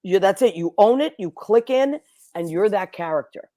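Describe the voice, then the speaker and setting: A woman's voice: mid-range voice, animated, moderate pace, dark tone. A woman host from Boston, chatting with a guest and telling stories with enthusiasm. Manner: enthusiastic, storytelling. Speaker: podcast host. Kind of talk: casual interview chat.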